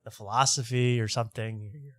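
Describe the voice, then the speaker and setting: A man's voice: medium pitch, fairly even intonation, normal speed, no room sound, clean studio sound. A man hosting a podcast, chatting casually and joking while reacting to old clips. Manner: loose, joking commentary. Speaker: podcast host.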